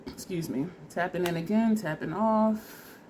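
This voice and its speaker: A woman's voice: fairly low pitch, unhurried, a little mellow, a little hiss or hum. A woman vlogger casually talking through a makeup try-on step by step, chatty and laughing at herself, teary and sniffly from allergies. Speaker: beauty vlogger.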